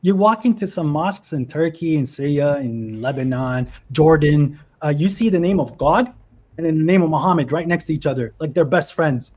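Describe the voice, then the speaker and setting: Earnest man with a husky voice. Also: on the high side, expressive, normal speed, darkish tone. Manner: earnest, emotional storytelling. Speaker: guest. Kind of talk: casual livestream chat.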